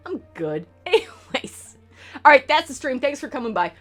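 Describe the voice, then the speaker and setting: A woman's voice: high voice, big pitch swings, fast talker, fairly bright tone. A woman streamer rambling to her chat at home, swearing freely and jumping between topics. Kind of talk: casual chat with stream viewers. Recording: faint game music behind.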